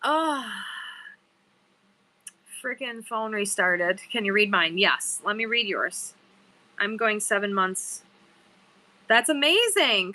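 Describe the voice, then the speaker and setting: A woman's voice: fairly high pitch, expressive, slow pace, pauses often, bright, forceful tone. A woman hosting a casual live-selling stream, chatting with viewers and reading their bios aloud. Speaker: live-stream seller host. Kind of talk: casual livestream chat.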